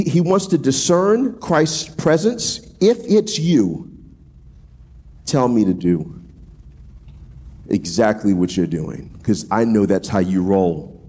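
A man preaching a casual sermon, animated and slangy, acting out voices as he goes. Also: fairly low pitch, breathy edge. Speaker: pastor.

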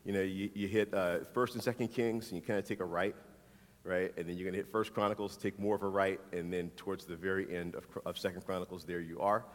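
This pastor's voice is low and steady, and he talks fast through a conversational sermon, frequently asking the same questions again. Long hall reverb fills the recording, and his handheld microphone is changed partway through.

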